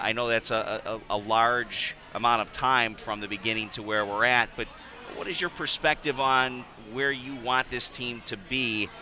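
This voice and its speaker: A man's voice: medium pitch, pushed and bright. A man hosting a local sports show in a restaurant, asking coaches questions with frequent restarts. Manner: stammering restarts, friendly questions. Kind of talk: casual interview hosting.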